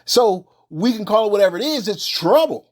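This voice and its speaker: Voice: medium pitch, lively intonation, fairly quick. A religious teacher giving an informal sermon in colloquial speech, emphatic and repetitive, firing off rhetorical questions and restarting phrases.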